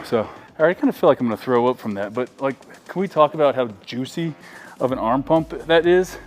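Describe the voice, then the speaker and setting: A man's voice: medium pitch, animated, quick pace. A man filming a casual workout vlog in a gym, joking around and pushing the viewer between sets, sometimes out of breath. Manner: joking, hypes the viewer while training. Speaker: fitness vlogger.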